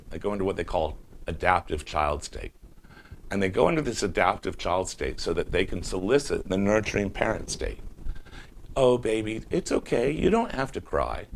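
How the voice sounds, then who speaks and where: Male self-mastery coach, deep and gravelly, casual lecturing, light noise floor. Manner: conversational, acts out quoted voices. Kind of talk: teaching talk.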